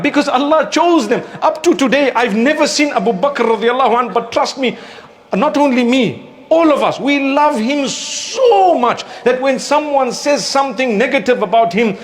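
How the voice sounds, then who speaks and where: A man with a fairly high voice preaches in a relaxed, conversational way. He gives gentle advice and brings his stories to life by acting out the people in them. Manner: animated, acts out quoted speakers; recites scripture in melodic chant. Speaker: Islamic preacher. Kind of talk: conversational sermon.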